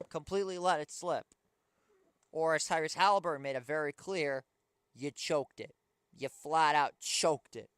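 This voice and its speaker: A man's voice: on the high side, a bit bright, clean tone, no echo. Young male fan-host, tired and frustrated, clean resonant voice, dry room. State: tired, yawning. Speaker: sports show host. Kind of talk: pregame basketball commentary.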